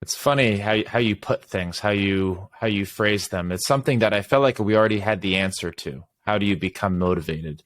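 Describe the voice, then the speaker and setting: A man hosting an interview, asking questions in a halting way with frequent restarts. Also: fairly low pitch. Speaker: interview host. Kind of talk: conversational interview.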